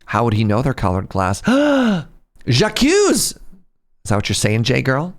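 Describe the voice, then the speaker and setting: A man's voice: fairly low pitch, a little fast. A man live-streaming a game, chatting playfully with his viewers and making jokes. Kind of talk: casual live-stream chat.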